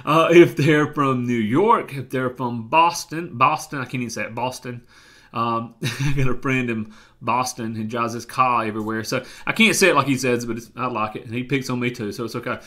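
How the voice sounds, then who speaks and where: This man, a life coach with a Southern US accent, delivers a motivational talk in a brisk, pushed, bright voice of medium pitch. He's emphatic, repeating phrases as he restarts his thoughts.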